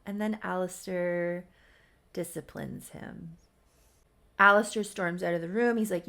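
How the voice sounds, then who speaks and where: A woman recaps a melodramatic story in a relaxed, chatty way, tossing in quick asides. Her voice sits a bit low and carries a gravelly fry. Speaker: channel host.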